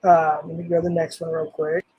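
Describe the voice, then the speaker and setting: A man's voice: on the high side, monotone, a little fast, slightly rough, no room sound, muffled recording. An older man streaming live, reading comments aloud in an angry, swearing rant.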